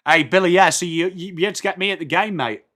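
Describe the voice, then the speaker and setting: A man with an English accent hosts a live football watchalong, chatting away to his viewers. He greets them by name and throws in jokes as he goes, his voice sitting slightly high for a man. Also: fast, a bit bright. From England. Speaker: streamer hosting a football watchalong. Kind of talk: casual live-stream chat reading out viewer comments.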